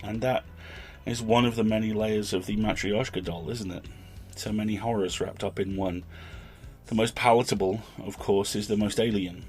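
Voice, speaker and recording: Very deep-voiced man musing on a story. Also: steady tone, darkish tone, soft background music. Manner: thoughtful, literary, deliberate. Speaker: podcast host. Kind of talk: reflective story commentary.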